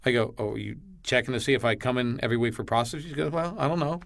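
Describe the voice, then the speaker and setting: A male comedian guesting on a podcast, telling a story with blunt, animated delivery, acting out both sides of the dialogue and swearing freely. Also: medium pitch, quick pace, vocal fry, few pauses.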